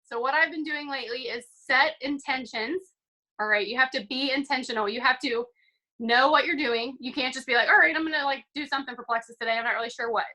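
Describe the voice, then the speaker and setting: A young woman speaks on a video call in an upbeat, chatty way, with lots of casual fillers. Her voice sits a little high and has a bright, forward ring. She talks like she's encouraging a team. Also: fast, low-quality recording. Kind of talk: casual motivational call talk.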